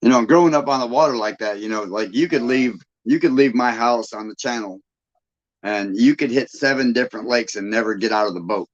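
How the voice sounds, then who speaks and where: A man from Michigan hosts a casual live stream, rambling in a folksy way and laughing often. His voice sits in a middle pitch. The sound is dull and lo-fi. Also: a little fast. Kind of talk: casual chat with viewers.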